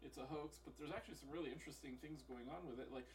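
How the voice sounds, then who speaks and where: A man co-hosting a podcast, explaining at length in a halting way with many "uh"s and repeated words. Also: on the high side, darkish tone. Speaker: podcast co-host. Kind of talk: casual chat. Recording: distant mic with background noise.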